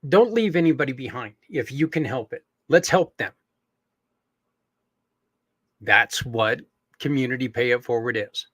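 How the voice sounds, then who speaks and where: A man's voice: mid-range voice, animated, unhurried, pauses often, a bit bright, no echo. A man hosting a podcast, making an earnest, rambling appeal to listeners, with many fillers and restarts. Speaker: podcast host.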